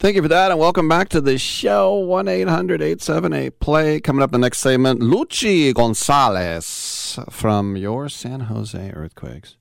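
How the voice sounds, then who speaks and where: A man's voice: fairly high pitch, a little slow, vocal fry, clean tone, dry recording, studio quality. A man hosting a sports talk radio show, chatting casually in a rambling, jokey way. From Bay Area. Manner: rambling, jokey, self-mocking.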